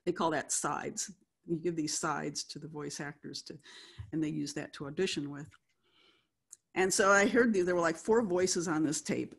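A woman's voice: lowish voice, husky. An older woman, a guest writer, telling anecdotes in a chatty way, often laughing as she talks. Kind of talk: anecdotal storytelling.

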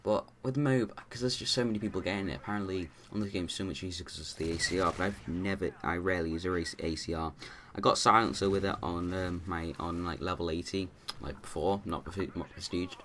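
A man's voice: low voice, a little fast, hardly any pauses, fairly bright tone, slight background noise. A man giving rambling, casual commentary over his own gameplay, full of restarts and fillers.

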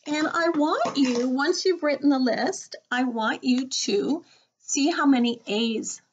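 Teacher, woman, high voice, slow playful read-aloud, muffled home recording. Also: slight background noise. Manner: playful, sing-song animal rhymes. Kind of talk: read-aloud lesson for children.

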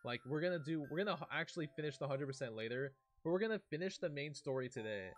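Lively young man reading a storybook aloud. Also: medium pitch, a little fast, few pauses, soft background music. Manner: lively, breaks off reading to react and chat. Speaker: streamer. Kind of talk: reading a storybook aloud while chatting on a game stream.

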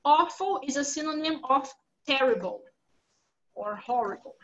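A woman's voice: sits high, expressive, normal speed, fairly bright tone, lo-fi sound. A woman English teacher with a Brazilian Portuguese accent, patiently explaining vocabulary with examples in a live online class.

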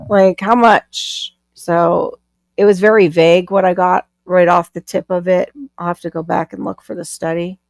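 Gravelly woman chatting on a live stream, reads comments out, laughs a lot, dry sound. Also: lowish voice, fairly even intonation, normal speed, dry recording. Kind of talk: casual live-stream chat.

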